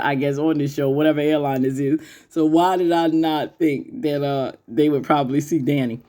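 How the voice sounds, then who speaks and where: A woman with a fairly low voice talks through a TV episode in a loose, chatty recap. She is opinionated, laughs often, and jumps her voice up when she mimics the characters. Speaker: YouTube TV recap host.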